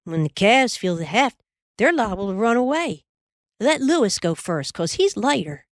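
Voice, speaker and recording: A woman voicing a bossy farm boy who boasts and shouts commands at his calves, in a storybook reading. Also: medium pitch, sing-song, unhurried, dry recording, studio quality, voice pushed up.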